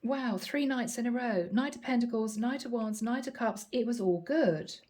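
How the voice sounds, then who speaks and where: A woman's voice: a little high, warm tone, slight background noise. A woman giving a channeled tarot reading in a chatty style, drawing out words for emphasis. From Ireland. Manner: chatty, drawn-out emphatic phrasing. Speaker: tarot reader.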